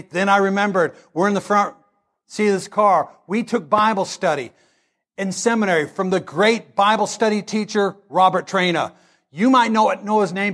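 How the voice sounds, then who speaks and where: Male preacher, high voice, energetic storyteller who builds to shouts. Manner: animated storytelling, swells into shouting. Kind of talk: sermon.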